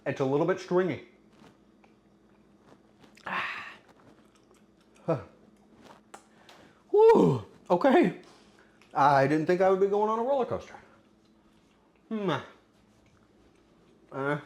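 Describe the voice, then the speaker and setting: Guy streaming himself cooking grilled cheese, super bouncy voice all over the place, crude jokes, random loud outbursts. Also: sits high, sing-song, slow, pauses often. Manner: goofy, crude joking with sudden loud exclamations. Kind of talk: casual cooking livestream chatter.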